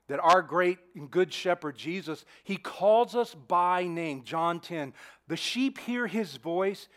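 A man preaching a sermon in an earnest, repetitive style, swinging between emphatic declarations and hushed asides. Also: high voice. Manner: repeats phrases and restarts mid-sentence. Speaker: pastor.

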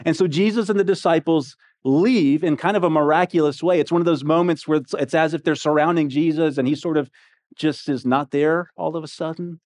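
A man's voice: on the high side, brisk, darkish tone. A man preaching a sermon in a conversational, emphatic way, often asking his listeners rhetorical questions. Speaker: pastor.

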